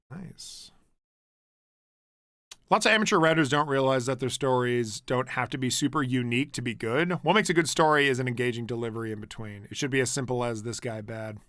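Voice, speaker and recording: A young man with a bright, forceful voice talks loosely on a home stream, rambling from one thought to the next. He laughs a lot and swears without a second thought. The sound is dry and close, with no room around it. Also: on the high side, smooth, no echo. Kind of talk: casual chat.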